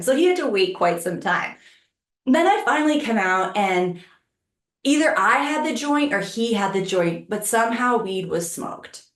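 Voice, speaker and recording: Animated woman telling a story in an echoey room. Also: mid-range voice. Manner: animated, acts out quoted voices with laughs. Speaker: podcast co-host. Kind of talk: candid storytelling on a podcast.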